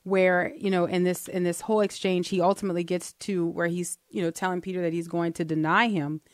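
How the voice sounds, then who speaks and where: A woman co-hosting a Christian talk show, earnestly teaching from the Bible and slowing down to read verses aloud. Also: lowish voice, little pitch movement, no echo, clean studio sound. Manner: earnest, explains step by step, slows down to read verses.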